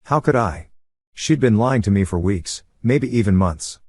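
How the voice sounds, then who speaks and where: Husky low-voiced man telling a story. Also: animated, normal speed, darkish tone, dry recording. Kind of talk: first-person story narration.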